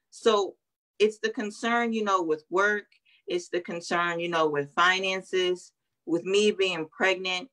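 A young woman on a video call, earnestly telling her story as an interview guest and often pausing with ums. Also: lowish voice, a bit bright. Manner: earnest, hesitant with many ums. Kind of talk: emotional interview testimony.

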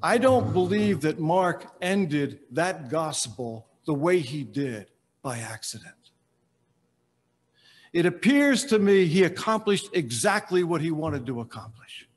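A man preaching a sermon as pastor, telling the story with dramatic pauses and letting phrases trail off softly. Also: on the high side, very animated, husky. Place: large church sanctuary. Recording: reverberant church hall.

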